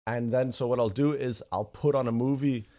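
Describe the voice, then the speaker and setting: A man's voice: medium pitch, fairly even intonation, a little fast, warm tone. Rambling man on a casual podcast. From Canada. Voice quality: emotionally open, self-mocking. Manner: rambling, searches for words, restarts often. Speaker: podcast co-host. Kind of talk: casual chat.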